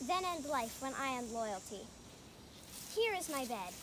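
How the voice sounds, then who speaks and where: A woman's voice: sits high, very animated, unhurried, noisy background. A girl playing an ardent young male lover. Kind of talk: outdoor youth stage acting.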